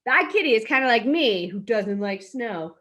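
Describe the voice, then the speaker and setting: A woman's voice: fairly high pitch, animated, normal speed, fairly bright tone. A woman teaching an online preschool class, reading a storybook aloud and gasping and asking the children questions. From lives in a hot desert city in the US west.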